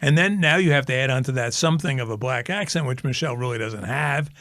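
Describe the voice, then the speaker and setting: A man who co-hosts a podcast and writes books tells stories in casual chat, animated and laughing often. His voice is mid-range, his pace quick, and the studio-quality sound has no echo.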